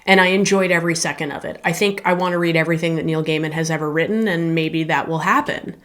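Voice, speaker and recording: A woman's voice: low-pitched, fairly even intonation, quick pace, a bit bright. A woman talking casually and with enthusiasm as she reviews books for her channel. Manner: enthusiastic, conversational, with filler and restarts. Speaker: book reviewer.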